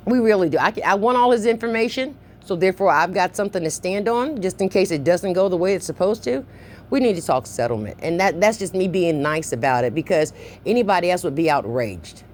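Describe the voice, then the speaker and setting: A woman's voice: on the low side, a little mellow, a little hiss or hum. A woman on a phone call pressing a complaint, insistent and emotional, often repeating herself.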